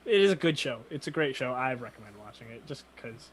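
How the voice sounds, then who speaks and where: Blunt, swearing young podcast co-host. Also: male voice, medium pitch, brisk. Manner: blunt, swears often, animated storytelling. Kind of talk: casual chat.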